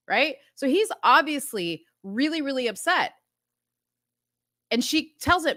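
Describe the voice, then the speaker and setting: A woman's voice: a little slow, dry recording, clean studio sound. A woman hosting a casual talk show, animatedly recapping a TV episode and acting out the characters' lines. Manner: animated, acts out dialogue with rising pitch. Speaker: host.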